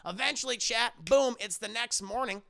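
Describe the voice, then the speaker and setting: A man casually reviewing a film on a live stream, excitable and profane, laughing often and talking to his chat. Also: very high voice, moderate pace, creaky.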